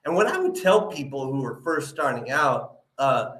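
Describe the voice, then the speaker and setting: A man's voice: mid-range voice, very animated, normal speed, a bit bright. A male show host with a slight lisp, giving encouraging advice in a live interview and often adding "you know" and "right?". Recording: echoey room.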